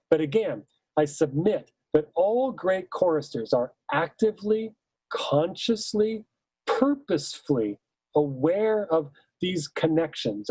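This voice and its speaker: Slow, dry-voiced choral teacher demonstrating words. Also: medium pitch, mellow, slightly rough, no room sound, poor audio. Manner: demonstrates by saying example words both wrongly and correctly; explains patiently, stepping through points one by one. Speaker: choral conductor and clinic leader. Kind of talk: recorded teaching seminar.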